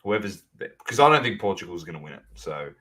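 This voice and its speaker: A man co-hosting a sports podcast, chatting casually and animatedly, calling out to the audience as ladies and gentlemen. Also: low voice, fast talker. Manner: animated, banter-heavy, addresses listeners as ladies and gentlemen. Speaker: podcast co-host.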